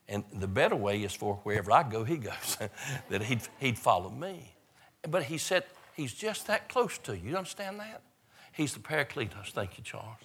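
An older man, preaching a funeral sermon as a pastor, his delivery swelling up and dropping quietly. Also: medium pitch, slightly rough.

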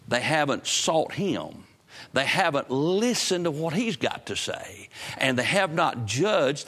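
Fervent bright-voiced preacher man. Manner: fervent, rising to loud emphatic peaks then dropping low; repeats phrases for emphasis. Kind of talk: sermon.

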